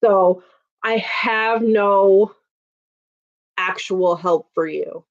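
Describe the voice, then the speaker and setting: A woman in her thirties hosts a casual livestream, chatting and laughing as she answers viewers. Her voice sits at an ordinary middle pitch for a woman. The audio is dull and lo-fi. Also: drawn-out words. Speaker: livestream host.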